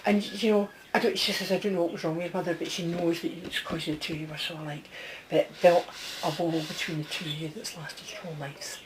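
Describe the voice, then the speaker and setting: A woman works as a medium in a close, one-to-one reading. Her voice sits a little low. She talks in a chatty stream, relaying what she hears and constantly asking whether it makes sense. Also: fairly even intonation, fast, few pauses, background noise. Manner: chatty, relays messages, keeps checking with the sitter. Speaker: psychic medium.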